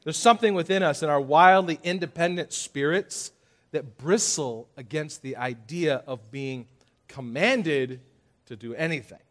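A man preaching a sermon with a lively, playful delivery. He has his listeners repeat phrases back and jokes with exaggerated complaints. His voice sits slightly high for a man. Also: unhurried. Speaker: pastor.

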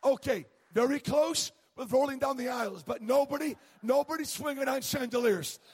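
Speaking at normal speed in an extremely high, darkish, slightly rough voice, a middle-aged itinerant evangelist delivers a sermon full of humorous stories. He trips through many stammered restarts, and the sanctuary's long reverb fills the recording.

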